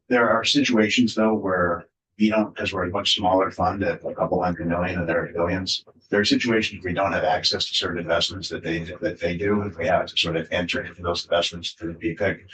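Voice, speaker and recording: Male official witness with a very low voice, explaining with fillers; a distant mic in an echoey hearing room. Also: steady tone, a little fast, a bit bright, a little hiss or hum. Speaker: state official testifying to a committee. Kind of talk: committee testimony. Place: legislative committee room.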